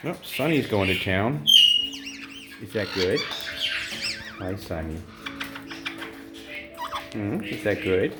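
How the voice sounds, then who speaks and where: A woman's voice: lively intonation, slow, pauses often, loud music behind the voice. A woman who keeps a bird sanctuary, chatting casually in a vlog and baby-talking to her pet birds in a bird room. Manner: coos and baby-talks to the birds, jumping to a high pitch. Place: indoor bird room with cages. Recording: loud squawking birds behind.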